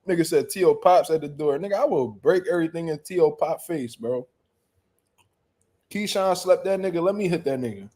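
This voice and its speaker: A young man, hosting a casual boxing talk stream. His voice sits on the high side, and he jokes loudly and profanely with bursts of laughter. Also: moderate pace. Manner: loud joking banter, bursts of laughter, profane slang. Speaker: boxing show host. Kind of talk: casual chat reacting to live chat.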